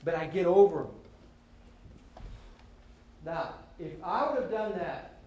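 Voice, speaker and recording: A man, giving a lively storytelling talk to students as a guest speaker and slipping in Spanish phrases. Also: high voice, slow pace. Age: 50s. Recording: echoey hall with faint ambience.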